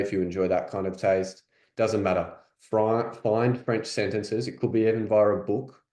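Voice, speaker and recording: A man with an Australian accent teaching French in a casual, chatty way, sometimes repeating phrases slowly to demonstrate them. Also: deep voice, a little mellow. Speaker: French coach. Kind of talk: language lesson. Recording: roomy echo.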